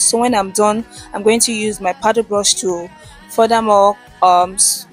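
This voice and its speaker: Chatty woman narrating a hair tutorial. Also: medium pitch. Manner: chatty step-by-step instructions. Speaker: vlogger. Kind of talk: casual tutorial voice-over.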